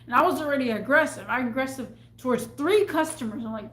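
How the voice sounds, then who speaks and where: A woman's voice: high-pitched, fast talker, fairly bright tone, echoey room. A woman who works in a store, telling an agitated, cursing story with stammered restarts. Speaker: retail store worker. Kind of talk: ranting storytime vlog. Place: at work in a store.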